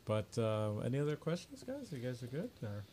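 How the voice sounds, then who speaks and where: A man hosts a casual chat and talks fast. He is easygoing and upbeat, and his voice rises and falls animatedly. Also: mid-range voice, wildly swooping pitch, mellow, a little hiss or hum.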